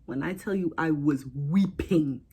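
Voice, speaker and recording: A young woman talks to camera in a casual storytime while getting ready, chatty and animated. Her voice sits a little low, and she often slips into quoted voices. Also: measured pace, husky. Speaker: vlogger.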